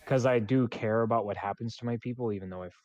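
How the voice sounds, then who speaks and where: A man's voice: medium pitch, fast talker, darkish tone, muffled recording. A man playing a character in a tabletop game, talking casually and hesitantly with fillers. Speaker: player. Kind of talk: tabletop role-play chat.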